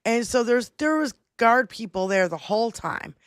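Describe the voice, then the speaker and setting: Loud, profane woman storyteller. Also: fairly high pitch, normal speed, dry recording, clean studio sound. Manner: loud, profane, animated retelling. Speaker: livestream co-host. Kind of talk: casual storytelling chat.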